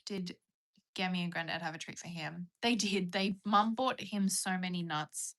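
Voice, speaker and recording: A woman's voice: fairly low pitch, fairly even intonation, moderate pace, a bit bright. A young woman with a rural Australian accent chatting casually on a live stream, reading comments and rambling, now and then dropping to a whisper. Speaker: livestreamer.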